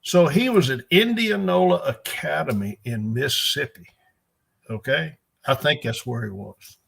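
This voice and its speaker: A man's voice: a little high, animated, a little slow, vocal fry, a bit bright, husky. An older man, a strength coach telling rambling, folksy stories in an interview. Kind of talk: storytelling in an interview.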